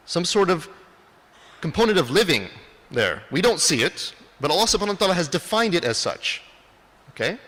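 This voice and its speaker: A man lectures in a bright, lively voice that rises and falls a lot. He keeps asking his audience questions and then answers them. Long reverb from the hall trails after his words. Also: sits high. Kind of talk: lecture presentation.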